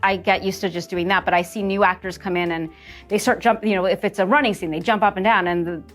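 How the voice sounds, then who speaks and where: A middle-aged woman from New Jersey, a voice actress chatting casually in an interview, lively and quick to laugh. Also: mid-range voice, soft background music. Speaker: voice actress guest.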